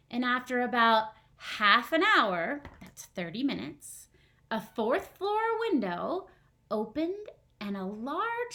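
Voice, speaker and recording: Young teacher reading a kids' book at home, really lively and bright, keeps asking questions. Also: female voice, on the high side. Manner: chatty, asks the kids questions. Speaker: first grade teacher. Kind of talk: reading a storybook aloud to children.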